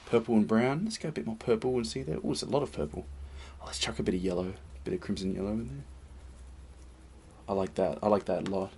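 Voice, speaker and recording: A man hosting a painting demonstration, gentle and encouraging, often sinking to a soft near-whisper. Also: fairly low pitch, quick pace, gravelly, slightly rough. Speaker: painting tutorial host. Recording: slightly distant mic with faint hiss.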